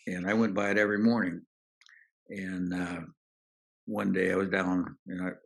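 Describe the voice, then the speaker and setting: Deep-voiced older man telling business stories. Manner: anecdotal, relaxed, acts out quoted dialogue. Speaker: podcast guest, business author. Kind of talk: storytelling interview answers.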